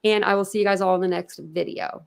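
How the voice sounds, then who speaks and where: A woman's voice: mid-range voice, fairly even intonation, fast talker, gravelly, smooth. A woman hosting a casual true crime livestream from home, chatting and answering viewers' comments.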